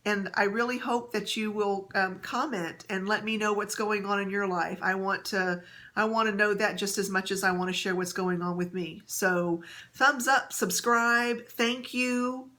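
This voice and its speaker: A woman vlogging casually, chatting gently with many fillers and soft laughs as she shows items and tells a story. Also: mid-range voice, fairly even intonation, unhurried. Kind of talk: casual haul and story vlog.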